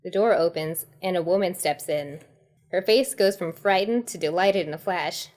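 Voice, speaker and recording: A woman's voice: fairly low pitch, normal speed, darkish tone. Giggly woman reading a comic horror tale. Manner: breaks into giggles while reading. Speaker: storyteller host. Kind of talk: reading a choose-your-path horror comedy tale.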